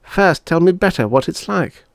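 A man's voice: fairly high pitch, animated, normal speed, creaky, dry recording, studio quality, voice pushed up. A man doing a bossy know-it-all boy. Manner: blunt and dismissive.

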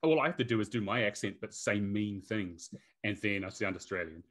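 A man's voice: lowish voice, fairly quick, fairly bright tone. A man with a New Zealand accent, a guest in a casual whisky tasting chat, joking in a dry, self-mocking way.

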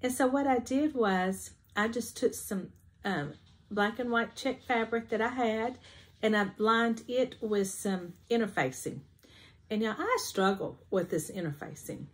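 A woman's voice: on the high side, measured pace. Lady rambling about her cross-stitch at home, lots of ums, easygoing chat. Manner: chatty, rambling, many ums and restarts. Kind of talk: casual show-and-tell chat.

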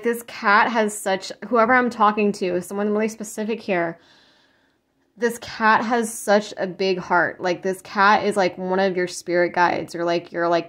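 A woman's voice: on the low side, fairly bright tone. A woman giving a casual psychic tarot reading, talking in a rambling, earnest way with many restarts and fillers, and openly moved as she speaks. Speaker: tarot reader.

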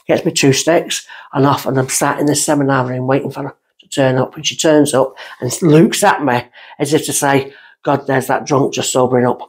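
At a moderate pace and in a husky voice, a woman who is a guest medium on a podcast shares a long personal story. She rambles and goes off on tangents in a casual, lively way, her pitch rising sharply when excited.

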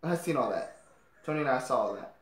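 A man hosting a reaction video, gushing and laughing often while keeping his voice low. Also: lively intonation, fast talker, echoey room, slight background noise. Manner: giggly, gushing, frequent laughter; kept low to stay quiet. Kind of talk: casual reaction commentary.

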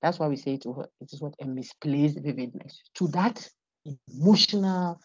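A woman lectures over a video call, her low voice husky and mellow. She stresses points and keeps asking the class questions. The audio is dull and lo-fi. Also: moderate pace, no echo. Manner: emphatic, asks the class rhetorical questions. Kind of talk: online lecture. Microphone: computer microphone on a video call.

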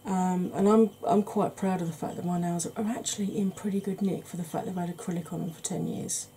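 A woman's voice: lowish voice, steady tone, a little fast, warm tone, a little hiss or hum. A woman hosting a makeup channel, chatting casually through a tutorial with rambling, self-deprecating asides.

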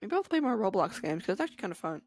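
A woman's voice: medium pitch, very animated, rapid-fire, no echo. A young woman giving casual, giggly commentary as she plays an online game, chatting to her viewers. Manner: giggly, bubbly, talks to viewers. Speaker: gaming video creator.

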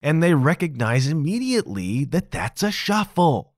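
A man's voice: a little high, very animated, moderate pace, no room sound, clean studio sound. A man hosting a podcast, explaining a topic in a casual, emphatic solo talk. He keeps checking in with "okay?" and chuckles at his own asides. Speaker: podcast host.

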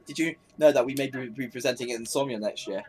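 A man's voice: mid-range voice, fast, husky. A young man joking and teasing his friend while they play a game together. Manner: playful, teasing, jokey. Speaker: gamer co-host. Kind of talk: casual gaming chat. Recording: faint background noise.

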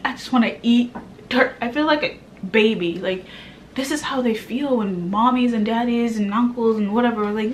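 A pregnant woman from Kenya vlogging in a chatty, animated way, now and then dropping to a hushed murmur. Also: a little high, normal speed, slight background noise. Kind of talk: casual chat to camera.

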